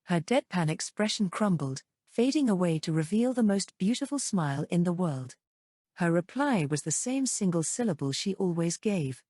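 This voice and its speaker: A woman narrating a light novel audiobook in a steady, even scripted reading. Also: on the low side, moderate pace, no echo, studio quality.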